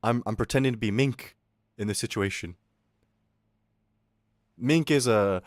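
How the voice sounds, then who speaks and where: A young man streaming, chatting with his chat in a loud, swearing, laughing, animated rant. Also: mid-range voice, measured pace, pauses often, no echo, clean studio sound. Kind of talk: casual stream chat reading chat.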